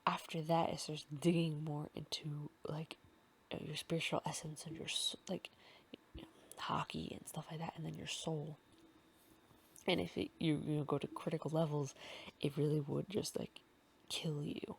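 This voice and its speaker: A woman hosting a casual fanfic recap, rambling with many fillers and often slipping into a soft half-whisper. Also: low voice, flat delivery, moderate pace, gravelly, slight background noise. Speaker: podcast host recapping a fanfic.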